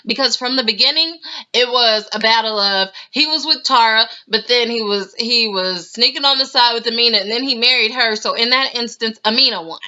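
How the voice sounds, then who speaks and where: A woman's voice: fairly high pitch, brisk, pushed and bright. Chatty woman reviewing a reality show. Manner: chatty, laughing, mimics people she recaps. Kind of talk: casual video commentary. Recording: slightly dull lo-fi sound.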